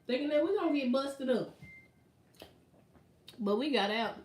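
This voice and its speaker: A woman vlogger in casual chat, telling stories in an animated, slangy way. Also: high-pitched, unhurried, long pauses. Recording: roomy echo.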